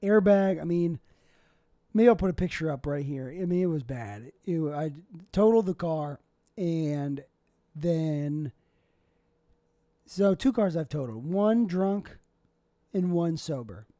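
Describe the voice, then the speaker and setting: A man's voice: fairly high pitch, animated, takes it slowly, pauses often, mellow, no echo, clean studio sound. A young man, a stand-up comic, hosting a solo podcast in a rambling, self-deprecating way. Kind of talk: casual solo podcast monologue.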